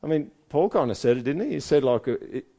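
A man's voice: fairly high pitch, lively intonation, fast, creaky, warm tone. A man preaching a sermon in a conversational way, asking his listeners one rhetorical question after another. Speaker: pastor.

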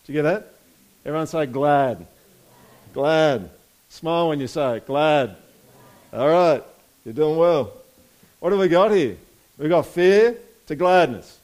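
A pastor delivers a sermon with a slightly higher-than-usual male voice. He talks casually, speaking directly to the congregation and pulling responses from the room. He reads passages aloud and then unpacks them in plain, everyday terms. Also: expressive, normal speed, darkish tone. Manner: conversational preaching with audience call-and-response.

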